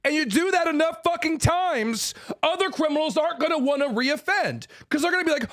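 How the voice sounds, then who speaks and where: A man with a fairly high voice rants in a heated monologue. He talks bluntly and profanely, hammers on repeated phrases, and stumbles into restarts as he gets more fired up. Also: animated, a little fast. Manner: fired up, forceful. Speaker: host.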